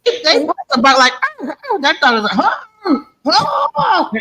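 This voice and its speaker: A co-host chatting casually and joking in an animated way. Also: high voice, a little fast. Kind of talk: casual chat.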